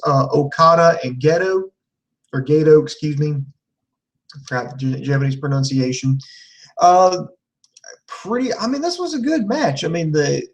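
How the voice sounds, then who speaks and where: A man with a fairly high voice talks through a show review in a loose, rambling way, leaning on fillers and throwing in the odd curse. He sounds a bit far from the microphone. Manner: rambling, filler-heavy, profane, enthusiastic. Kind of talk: casual spoken review.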